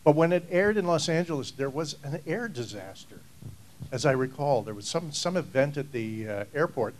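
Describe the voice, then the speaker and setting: A man recalling old stories on a convention panel in a dry, deadpan, unhurried way. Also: a little high, slight background noise, rough recording. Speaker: actor panelist.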